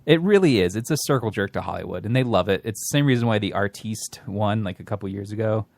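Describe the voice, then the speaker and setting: A man's voice: on the low side, fast talker, a little mellow, no echo. A man co-hosting a podcast in casual chat, dry and opinionated. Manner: dry, opinionated, matter-of-fact. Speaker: podcast co-host.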